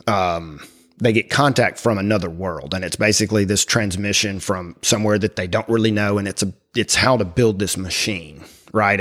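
A middle-aged man sharing his personal faith story in conversation, speaking haltingly with many fillers and restarts. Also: lowish voice, a bit bright. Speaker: guest.

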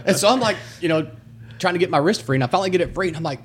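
A man telling a story as a podcast guest in casual chat, animated and acting out quoted lines. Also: fairly high pitch, racing. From Tennessee. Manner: animated, acts out quotes loudly.

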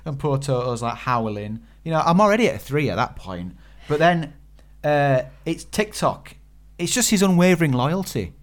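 A man co-hosting a casual film review podcast, animated and acting out quotes with a raised voice. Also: a little high, moderate pace. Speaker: podcast co-host.

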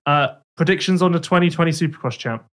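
A man's voice: fairly high pitch, quick pace, a bit bright. A young man co-hosting a podcast, reading out listener questions and answering with dry, teasing asides. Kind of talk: casual chat.

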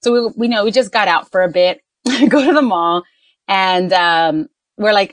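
A woman's voice: mid-range voice, a little fast, no room sound. A woman on a mom podcast, telling a family story in casual chat and slipping into Spanish phrases. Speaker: podcast co-host, mother.

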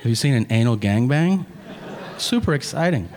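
A man performing a stand-up comedy set, animated and shouting out punchlines, on a club stage. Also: medium pitch, moderate pace, slight background noise. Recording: live club with long reverb and audience.

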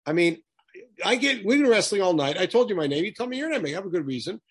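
A man leading a text study class, talking in an animated way and firing off rhetorical questions to his students. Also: high-pitched, fast talker, husky. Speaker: teacher.

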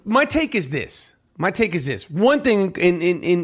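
A man's voice: high-pitched, sing-song, measured pace, breathy edge. A man hosting a podcast, rambling and swearing in casual chat and reading an ad. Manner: profane, rambling, loud. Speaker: podcast host.

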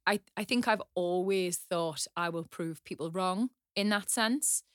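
A woman's voice: on the low side, clean tone, no echo, clean studio sound. A woman guest in a casual interview, talking openly and frankly and laughing easily. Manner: open, frank, quick to laugh. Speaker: guest, reality TV personality.

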